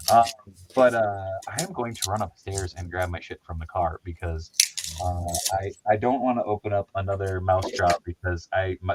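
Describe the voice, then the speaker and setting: A man's voice: low-pitched, a little hiss or hum, rough recording. A man hosting a casual chat about toys, rambling and laughing at himself. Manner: rambling, laughs often, self-deprecating. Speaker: host.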